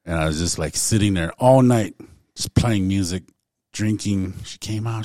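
Man, very low voice, dry close sound, laid-back storytelling, lots of "man" and "like". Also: normal speed, dark tone, no room sound. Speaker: guest storyteller. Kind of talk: casual spoken storytelling.

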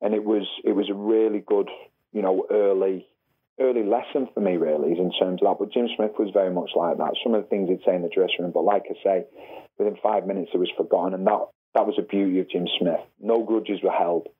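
A man's voice: quick pace, husky. A man, a former footballer, telling dressing-room stories and acting out the voices of people he quotes. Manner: animated, acts out quotes with rising pitch. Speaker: former footballer, podcast guest. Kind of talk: anecdotal storytelling. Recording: phone-line quality audio.

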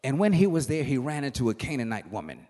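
A man preaching a sermon in a church, swinging from hushed murmurs to shouted, singsong phrases. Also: mid-range voice, very animated, fast talker. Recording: long hall reverb.

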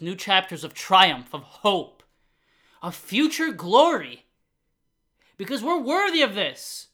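A man hosting his own podcast, talking through his struggles in an earnest, uplifting monologue and repeating phrases for emphasis. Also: on the high side. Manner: grows loud and fired up at times. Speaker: podcast host.

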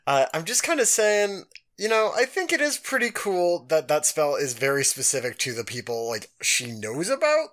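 Podcast co-host, animated swooping intonation, stammers, laughs often, casual chat. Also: mid-range voice, normal speed.

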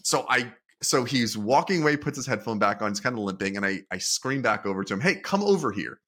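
A man co-hosting a podcast, telling a story in a relaxed, self-deprecating way. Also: fairly low pitch, fast talker. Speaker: podcast co-host. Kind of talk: casual chat.

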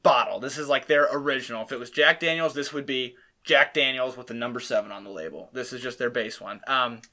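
A man's voice: medium pitch, a little fast, bright, forceful tone. A man hosting a casual podcast, chatting and explaining whiskey to guests, laughing often. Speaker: podcast host teaching whiskey tasting.

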